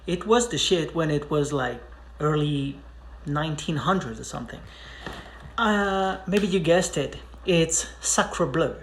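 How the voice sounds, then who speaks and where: Slow-talking French-accented teacher. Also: male voice, fairly high pitch, a bit bright. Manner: repeats words slowly for learners. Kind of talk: casual pronunciation lesson.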